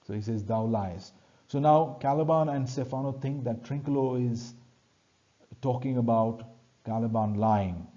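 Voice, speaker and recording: A man's voice: medium pitch, normal speed, mellow, muffled recording. A male teacher, explaining a play in a classroom lecture by reading lines aloud and then paraphrasing them plainly.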